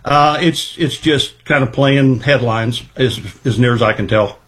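A middle-aged man answering interview questions about markets, speaking in a measured way and thinking aloud with many fillers. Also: medium pitch, fairly bright tone. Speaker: livestock marketing specialist guest.

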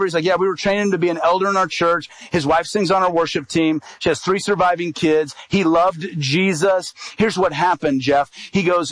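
A man's voice: no echo, rough recording. A man, an evangelist, telling a personal story in a sermon, acting out the dialogue with rising emotion. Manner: animated storyteller, acts out quoted dialogue, rises in pitch at climaxes.

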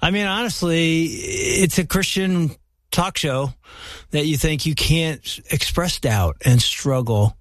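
Slightly high-voiced male radio host. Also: slow pace, fairly bright tone, no echo, studio quality. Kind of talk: talk show host chat and sign-off.

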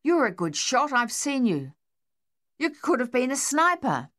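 A woman's voice: lowish voice, normal speed, a bit bright, smooth, natural voice. A woman voicing a shaken young male Australian soldier, pleading and raw with despair. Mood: distraught.

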